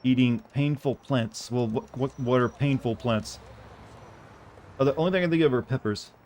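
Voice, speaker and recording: Male streamer, casual rambling chatter over gameplay, mid-pitched voice, light background hum. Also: moderate pace, darkish tone. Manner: rambling, joking, answers chat questions.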